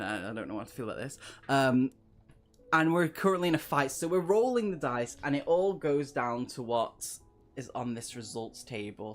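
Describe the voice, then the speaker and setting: A man's voice: medium pitch, lively intonation, moderate pace, soft background music. A man streaming a gamebook playthrough, reading aloud and chatting with viewers, laughing often. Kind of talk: live-stream reading and chat.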